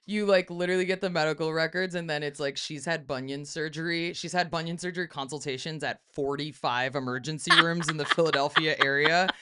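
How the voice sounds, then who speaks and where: A woman comedian from Chicago, a podcast guest chatting in a quick, joking, profane way. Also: low-pitched, fairly even intonation, bright, forceful tone, clean tone. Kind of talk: casual comedic chat.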